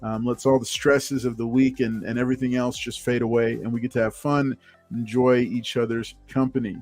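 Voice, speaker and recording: A man's voice: medium pitch, level tone, brisk, darkish tone, faint music behind. A man hosting a casual livestream talk show, upbeat and chatty, greeting viewers from the chat. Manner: upbeat, reads chat names aloud, many fillers.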